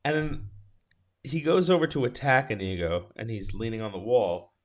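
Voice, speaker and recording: A man co-hosting a podcast, chatting casually about a movie, animated and often restarting his sentences. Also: mid-range voice, normal speed. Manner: animated, restarts often, acts out quoted lines. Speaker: podcast co-host.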